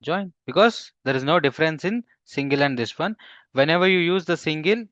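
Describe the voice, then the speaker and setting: Male instructor, mid-pitched, dry dull lo-fi sound, halting delivery with fillers, quizzes the class. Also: animated, a bit bright, dry recording. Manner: halting, with frequent fillers and restarts. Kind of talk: live coding class.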